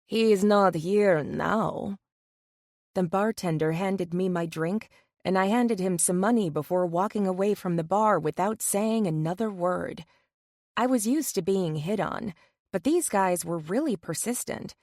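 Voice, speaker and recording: A woman reading a first-person romance audiobook in an even, measured way into a close mic. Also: on the low side, no echo. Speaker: audiobook narrator. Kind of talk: first-person scripted narration.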